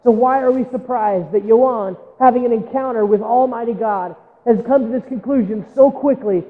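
A man's voice: extremely high pitch, normal speed, in a large hall, phone-quality sound. A male pastor preaching a sermon in a church, telling a story and acting out quotes, with direct appeals to the congregation. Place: church sanctuary.

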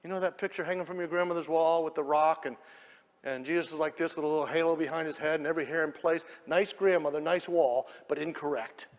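Man preaching, high bright voice, gravelly, dramatic storyteller, echoing hall. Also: fairly even intonation, quick pace. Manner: dramatic storyteller, swings from hushed to shouting. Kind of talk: sermon.

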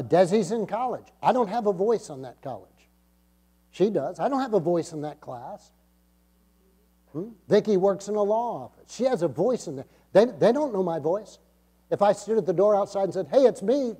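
Pastor guy preaching, fairly high but mellow voice, gets loud then drops way down. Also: animated, moderate pace, slightly rough. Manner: emphatic preaching, swells up then drops low. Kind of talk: sermon. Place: church sanctuary.

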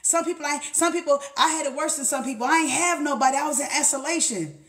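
Woman, spiritual vlogger; blunt, profane, fairly high-pitched, laughs through her self-talk. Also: fast talker, a bit bright. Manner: blunt and profane, swears freely. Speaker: spiritual motivational speaker. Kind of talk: casual motivational monologue.

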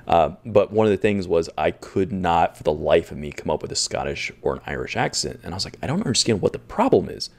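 Low gravelly guy, chill co-host just chatting. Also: fairly quick, hardly any pauses, darkish tone. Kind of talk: casual chat.

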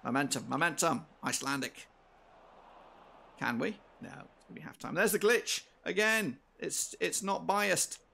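A man commentating live on his football game, swinging from low mutters to shouted outbursts and swearing often. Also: normal speed, creaky, slight background noise. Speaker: gaming channel host.

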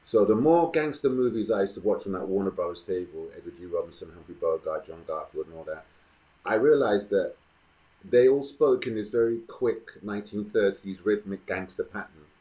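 Deep-voiced man, thoughtful. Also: mellow, poor audio. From London, England. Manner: thoughtful, measured, with frequent ums. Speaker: actor and guest. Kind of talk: reflective interview storytelling.

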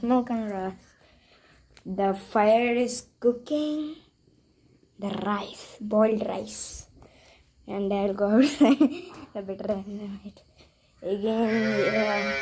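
A woman's voice: mid-range voice, warm tone, a little hiss or hum. A woman vlogger, chatting casually to viewers and to her animals at home. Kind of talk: casual vlog narration.

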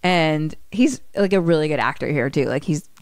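Kobieta z gładkim, czystym głosem opowiada fabułę filmu z żywą, skaczącą intonacją, nagranie suche i bliskie. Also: female voice, low-pitched, normal speed, dry recording, studio quality. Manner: animated, playful, swears freely. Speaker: podcast co-host. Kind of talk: casual storytelling.

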